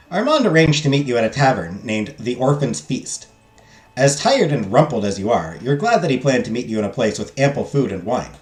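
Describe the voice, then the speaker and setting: A man reads a text game's narration aloud, breaking off for jokey, self-deprecating asides to his viewers. His pitch swings in a lively, animated way. The room sounds echoey, with faint music playing behind. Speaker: streamer playing a text game. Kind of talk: let's play, reading game text and chatting with viewers. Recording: roomy echo, faint game music.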